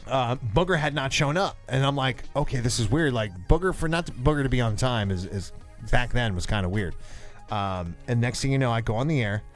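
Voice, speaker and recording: A man hosting a casual show, telling stories in an animated way and swearing freely. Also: mid-range voice, a little fast, faint music behind. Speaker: radio and show host. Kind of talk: casual storytelling chat.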